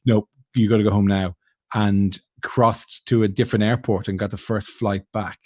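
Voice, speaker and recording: A man's voice: lowish voice, little pitch movement, moderate pace, darkish tone, no echo. Rambling self-mocking man, dry sound. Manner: rambling, self-mocking storytelling with frequent laughs and restarts. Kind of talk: casual chat on a charity livestream.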